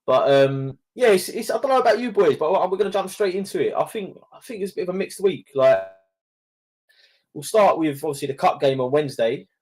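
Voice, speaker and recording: A man's voice: on the high side, animated, a little fast, darkish tone. A young man hosting a casual podcast, chatty, swearing and laughing often. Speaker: podcast host. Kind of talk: casual chat.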